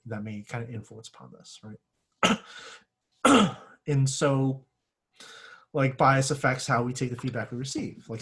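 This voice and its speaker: A man teaching a class in a casual lecture, full of fillers, often clearing his throat and correcting himself mid-sentence. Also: medium pitch, a bit bright. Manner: self-correcting, searches for words. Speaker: instructor. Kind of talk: classroom lecture on giving feedback.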